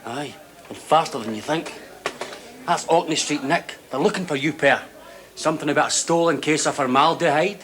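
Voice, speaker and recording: A man's voice: on the high side, normal speed, fairly bright tone, lightly acted. An actor playing a blunt, urgent Glaswegian local man in a scripted sitcom.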